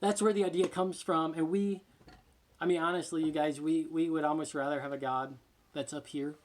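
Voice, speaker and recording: A man preaching a sermon with passion, often sinking to a hushed near-whisper for emphasis and repeating words as he gathers his thoughts. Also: on the high side, flat delivery, moderate pace. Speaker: pastor.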